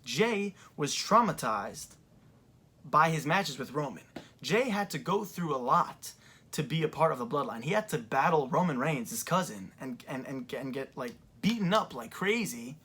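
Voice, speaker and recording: A young adult man talking through events in a casual commentary vlog, rambling with lots of fillers, seated in a creaky chair. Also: on the high side, expressive, moderate pace, pushed and bright. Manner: rambling, filler-heavy retelling. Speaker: wrestling fan reviewer.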